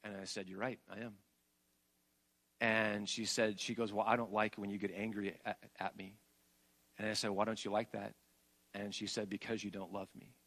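A middle-aged male pastor preaching a sermon and telling family stories, rising to loud emphatic peaks and dropping to soft, hushed passages. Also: on the low side, level tone, normal speed, long pauses.

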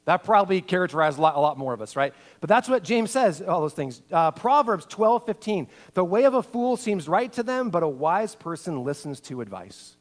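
A male pastor preaching a sermon, swinging between loud, acted-out quotes and hushed, intimate passages. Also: high voice, very animated, brisk, few pauses.

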